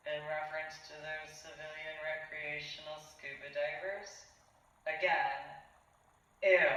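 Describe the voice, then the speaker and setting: Slow, halting vlogger in an echoey room. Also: male voice, a little high, pushed and bright, slight background noise. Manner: slow, halting, repetitive, with disdainful interjections. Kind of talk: rambling monologue to camera. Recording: very echoey room, speaker far from mic.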